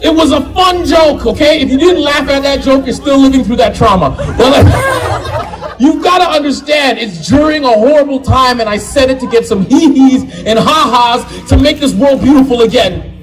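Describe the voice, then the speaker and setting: A man in his thirties hosting a live comedy show, loud and playful, laughing through his lines. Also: very high voice, normal speed, a crowd in the background, poor audio. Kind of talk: stand-up comedy. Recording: live show with audible audience.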